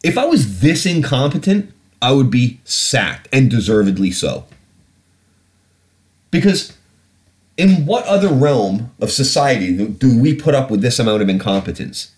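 A man's voice: medium pitch, big pitch swings, a little slow. British guy ranting on a podcast, swears a lot, voice swings up and down all over. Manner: blunt, profane, heated. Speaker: podcast host. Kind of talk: casual ranting commentary.

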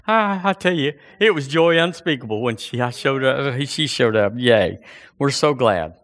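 Guy preaching, voice swings all over, animated sermon. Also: mid-range voice, measured pace.

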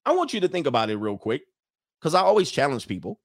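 A man's voice: fairly high pitch, wildly swooping pitch, fast talker, creaky, dry recording, clean studio sound. A man hosting a casual livestream, joking and rambling as he reads out donations. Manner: joking, rambling, breaks into laughter. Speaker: livestream show host.

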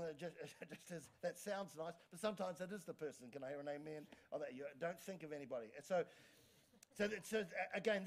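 A pastor preaches a sermon from the pulpit in a bright, high voice. Full of lively energy, he stumbles, stammers and restarts words, repeatedly calling for amens from the congregation.

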